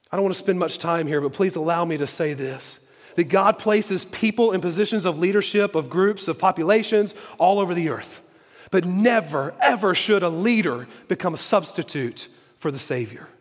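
High-voiced preaching man, hall echo. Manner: emphatic, repeats key phrases for stress. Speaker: pastor. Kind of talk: sermon.

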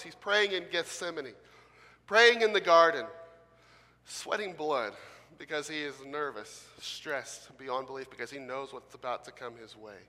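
A man preaching from the pulpit, his bright, forceful voice carrying a long reverb through a church sanctuary. He swings between loud, emphatic bursts and soft, gentle asides, slightly higher-pitched than most men. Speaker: pastor. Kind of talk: sermon.

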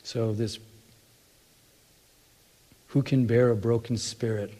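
A man's voice: medium pitch, fairly even intonation, takes it slowly, warm tone, long reverb tail. A man teaching from the Bible in a conversational sermon, often restarting and acting out little asides. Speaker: preacher.

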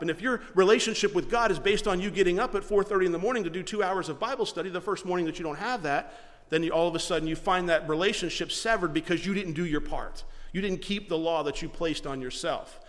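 A man's voice: on the high side, a bit bright, big-room sound. A man preaching a sermon as pastor, teaching earnestly with rhetorical questions and repeated words.

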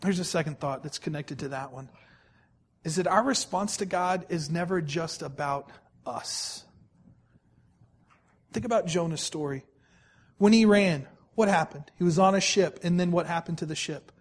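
A male pastor delivers a sermon in a notably high voice. He leans on repetition, stretching out important words for emphasis. He keeps turning to the congregation with direct questions. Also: husky. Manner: emphatic, repeats phrases, slows right down to stress key words.

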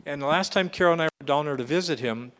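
A man delivering a sermon in a slightly higher-than-usual voice. He preaches earnestly and with emphasis, circling back and restarting his phrases. His tone is plain and direct, aimed at a congregation. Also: fast, fairly bright tone.

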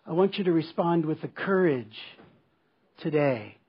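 A man's voice: a little high, lively intonation, a little slow, breathy edge, highs cut off. A man preaching a sermon as pastor, telling a personal story in an earnest, emphatic way and returning to a repeated refrain. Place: church service.

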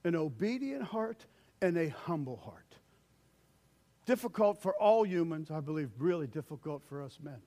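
An older man preaching a conversational sermon as pastor, acting out quoted voices and swinging between loud calls and hushed lines. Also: on the high side, lively intonation, moderate pace.

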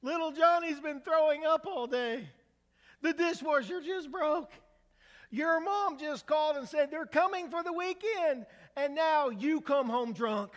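A man's voice: very high-pitched, a little slow, voice pushed up. A man voicing an overwhelmed housewife in a tearful, exasperated outburst, heard in a reverberant hall. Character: frazzled overwhelmed housewife, woman, middle-aged.

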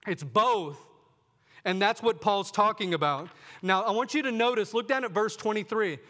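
A man's voice: sits high, moderate pace, pushed and bright, big-room sound. A man preaching a sermon to his congregation, earnest, often asking them questions and calling them "folks". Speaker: pastor.

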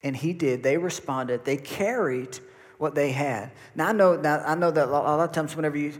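A man's voice: a little high, a little fast. A male pastor preaching a sermon to his congregation, asking the listeners questions. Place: church sanctuary. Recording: long hall reverb.

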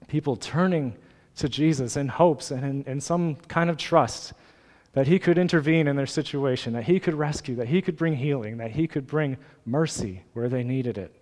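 A man delivers a sermon in an earnest, gently pleading way. His voice sits in an ordinary middle pitch. It rings with the long reverb of a large hall. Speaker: pastor.

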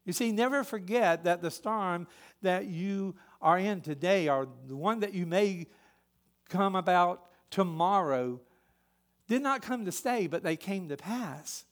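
Guy preaching, high voice, emphatic, gets loud then drops way down. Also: lively intonation, a little slow. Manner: emphatic preaching with swings in loudness. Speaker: pastor. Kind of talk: sermon.

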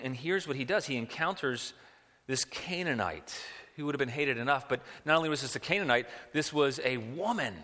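A male preacher delivers a sermon with a bright, forceful, slightly high voice. He asks rhetorical questions and often doubles back on his words. The sound carries a long reverb from a large hall.

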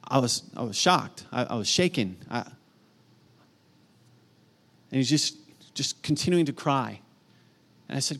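A middle-aged man preaching a sermon, earnest, swinging from emphatic peaks to soft, hushed storytelling. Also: medium pitch, animated, slow, vocal fry, long pauses. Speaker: pastor.

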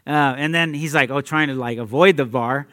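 A young adult man preaching a sermon in an energetic, conversational way, laughing often and talking straight to his listeners. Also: mid-range voice, normal speed. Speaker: preacher at a youth ministry.

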